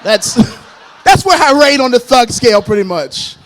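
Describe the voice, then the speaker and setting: This is stand-up comedy from a club stage, delivered at an unhurried pace by a man whose voice is notably high. Handheld mic in use, he's animated and self-mocking and tends to laugh at his own jokes.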